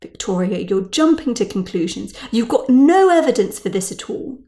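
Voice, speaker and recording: A woman voicing a scheming, coolly practical woman friend in a brisk, knowing voice. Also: mid-range voice, big pitch swings, dark tone, roomy sound. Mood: coaxing.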